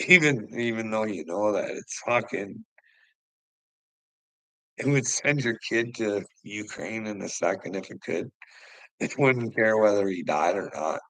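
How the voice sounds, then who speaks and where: Gravelly, heated middle-aged man ranting. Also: on the low side, measured pace, fairly bright tone, no echo, poor audio. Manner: heated, profane, laughs often. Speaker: livestream host talking to chat. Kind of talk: casual livestream rant.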